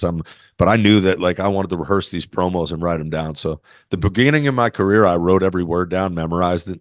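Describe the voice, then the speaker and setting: A man's voice: sits low, no room sound, clean studio sound. A man telling stories as an interview guest in a brash, swaggering, profane way. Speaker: interview guest, former wrestler. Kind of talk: casual storytelling interview.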